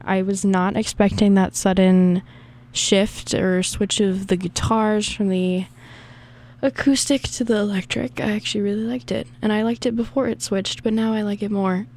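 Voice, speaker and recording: A woman's voice: mid-range voice, darkish tone. A young woman from the American South with a Southern accent, chatting casually and rambling between songs as a radio DJ. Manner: rambling, chatty, self-deprecating.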